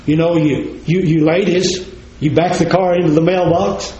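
A man's voice: fairly high pitch, fairly even intonation, normal speed, warm tone, slight background noise. A man preaching a sermon in a folksy, plain-spoken way, talking straight to his congregation. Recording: roomy, slightly dull recording.

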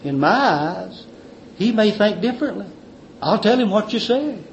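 A preacher playing a mild messenger servant. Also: male voice, sits high, expressive, a little slow, creaky, roomy sound, slight background noise, exaggerated voice. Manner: accommodating, mild. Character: agreeable male servant delivering messages. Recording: dull lo-fi recording.

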